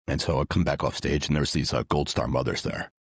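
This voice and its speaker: Male guest, very low voice, earnest, filler-heavy, dry close mic. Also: fairly even intonation, quick pace, gravelly, breathy edge, no room sound. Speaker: podcast guest. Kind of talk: casual conversation.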